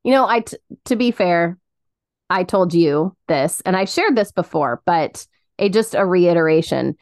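A woman co-hosting a casual faith podcast, chatty and quick to laugh as she tells stories. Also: on the low side, expressive, no room sound, studio quality. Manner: giggly, laughs often while telling stories. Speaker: podcast co-host.

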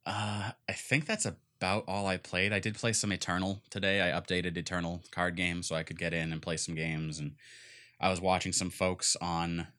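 A man's voice: low-pitched, bright, forceful tone. A young man co-hosting a casual podcast, rambling enthusiastically about video games with lots of fillers. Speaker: podcast co-host. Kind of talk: casual gaming chat.

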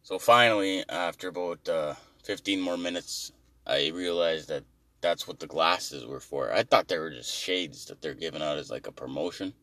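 Low-voiced male comic, exasperated rambling rant, dry off-mic sound. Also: moderate pace, a bit bright, no echo, far from the mic.

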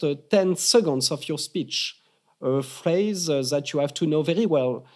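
A French-accented man with a fairly high pitch, a public speaking coach, explains his methods in an interview. He is emphatic and repeats words for stress.

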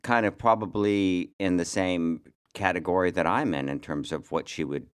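Deep-voiced blunt male podcast host. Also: normal speed, clean tone. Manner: blunt, ranting, repeats words. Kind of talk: casual chat.

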